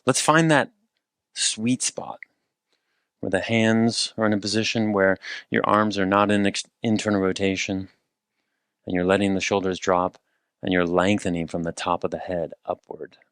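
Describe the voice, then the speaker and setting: A man leading a guided movement and rehab exercise session, cueing each step calmly with playful asides. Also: sits low, moderate pace, smooth, dry recording, clean studio sound.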